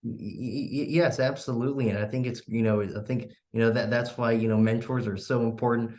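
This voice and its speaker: A man's voice: mid-range voice, fairly even intonation, a little fast, darkish tone. A young man hosting a student radio interview, often stammering and restarting with lots of "you know". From United States. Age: young adult. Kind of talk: casual interview.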